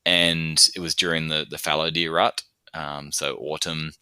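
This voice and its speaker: An Australian man, a podcast guest, chatting casually and telling stories, then reciting his own rhymed bush poem in a steady rhythm. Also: very deep voice, a little slow, clear, resonant tone, no room sound.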